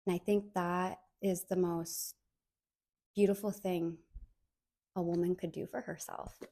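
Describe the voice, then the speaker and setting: A woman's voice: lowish voice, little pitch movement, unhurried, mellow. A woman in her thirties hosting a solo podcast, talking in an earnest, heartfelt way and repeating words for emphasis. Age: 30s. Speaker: podcast host.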